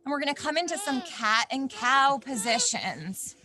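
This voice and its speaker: A young woman leading a yoga class for children outdoors in a snowy backyard, giving gentle instructions with playful asides. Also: high-pitched, expressive, normal speed. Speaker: yoga teacher.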